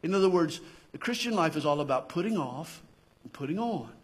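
A fervent Southern US pastor delivering a sermon, his voice pitched high for a man. There's a husky grain to it as he presses his points and rises toward near-shouts. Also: expressive, a little fast. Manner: impassioned preaching that swells to near-shouts.

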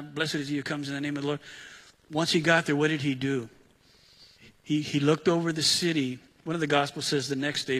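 Bright husky preacher in a reverberant hall. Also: male voice, a little high. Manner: conversational, paraphrasing scripture in casual voice. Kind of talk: sermon.

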